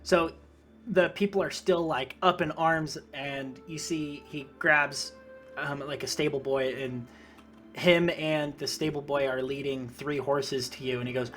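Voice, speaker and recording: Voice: medium pitch, fairly even intonation, measured pace, a bit bright, soft background music. Laid-back gm narrating, lots of ums and likes. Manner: casual, many fillers, laughs often. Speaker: game master. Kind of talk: narrating a tabletop game.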